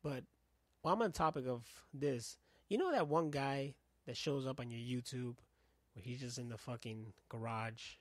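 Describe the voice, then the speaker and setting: A podcast host with a New York accent delivers a casual monologue, swearing often and acting out little dialogues in different voices, profane and animated throughout. His voice is mid-range at a moderate pace, with no room sound.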